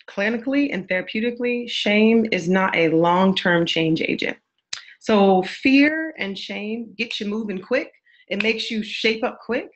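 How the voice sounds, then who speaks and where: A woman's voice: mid-range voice, lo-fi sound. A woman therapist giving an earnest, affirming webinar talk, with many repeated phrases. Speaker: therapist and church speaker. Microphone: webinar microphone.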